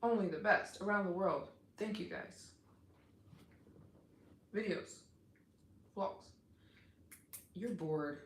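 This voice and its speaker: A woman's voice: medium pitch, slow, long pauses. Gushing woman live-streaming, roomy echo. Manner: effusive and excitable, heavy use of "like". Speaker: travel vlogger hosting a live stream. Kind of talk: casual live-stream chat with viewers.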